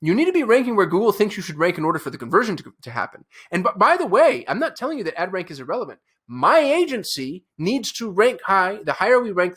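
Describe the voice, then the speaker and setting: This channel host, who owns an agency, has a high voice with a fairly bright tone. He addresses the camera in a fired-up, emphatic, casual style, restarting often and using lots of fillers.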